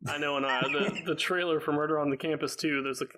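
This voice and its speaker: A man's voice: fairly high pitch, steady tone, fast talker, pushed and bright. A young man chatting casually on a podcast, wry and laughing between comments. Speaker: podcast co-host. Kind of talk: casual chat.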